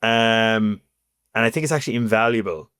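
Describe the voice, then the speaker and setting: A man in his thirties from Cork, Ireland, speaks with an Irish accent as an interview guest, his voice on the low side at normal speed. He's chatty and animated, filling his casual talk with "you know" and "like." The studio-quality recording has a clean tone and no room sound.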